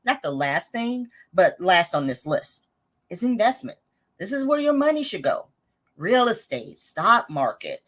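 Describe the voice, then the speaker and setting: A woman's voice: medium pitch, big pitch swings, measured pace, a bit bright. A woman hosting a casual budgeting livestream, chatting, reading viewer comments aloud and correcting herself as she goes. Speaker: host of a live budgeting stream.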